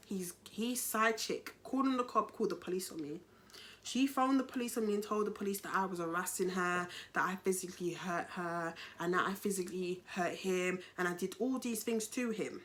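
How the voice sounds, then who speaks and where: Young woman, London accent, storytime vlog, animated, street slang, talks to viewers, mid-height voice. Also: medium pitch. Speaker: vlogger.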